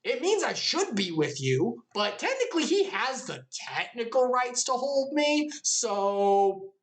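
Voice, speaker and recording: A woman voicing a sassy talking Keyblade that rejects its holder, shouting indignantly. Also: on the high side, sing-song, measured pace, voice pushed up. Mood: defiant.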